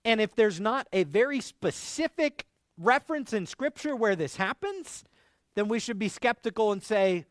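A man delivers a sermon, his voice pitched high and swinging widely as he retells and quotes scripture. The sound is close and dry, with no room around it. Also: no echo. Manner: expressive preaching, quotes scripture in old English. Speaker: pastor.

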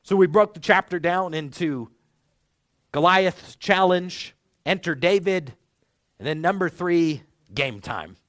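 A young man preaching a sermon, teaching the text in a measured, clear way with rising and falling inflection. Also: high-pitched, dry recording, studio quality.

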